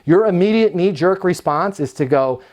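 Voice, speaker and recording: Energetic man teaching sales technique. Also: high voice, moderate pace. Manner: energetic, emphatic, acts out both sides of calls. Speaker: leasing sales trainer. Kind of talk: instructional talk with role-played phone calls.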